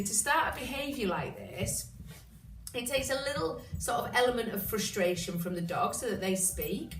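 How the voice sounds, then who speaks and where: A woman who trains dogs, explaining steps in a chatty way and breaking into high, excited praise for the dog. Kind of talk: casual instructional talk. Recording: roomy echo, distant mic, background noise.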